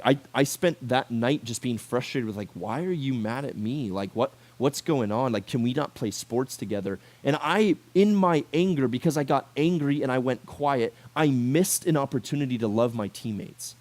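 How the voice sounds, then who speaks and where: Animated young man preaching to teens. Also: medium pitch, moderate pace, few pauses. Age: 20s. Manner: conversational and animated, acting out quotes. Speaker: youth pastor. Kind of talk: sermon to a youth group.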